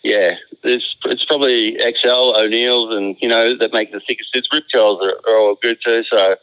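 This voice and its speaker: An Australian man with a bright, forceful voice talks in a relaxed, rambling way, full of restarts and slang. The sound is dry and close, coming through a phone line. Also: medium pitch, normal speed, clear, resonant tone, no echo. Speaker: phone-in guest surfer. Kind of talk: casual chat.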